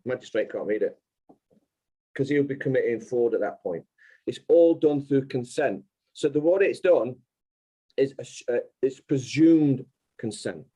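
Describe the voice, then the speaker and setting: Insistent man with a dark, husky voice. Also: medium pitch, lively intonation, measured pace, low-quality recording. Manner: insistent, explains step by step. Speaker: guest. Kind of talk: explanatory interview talk.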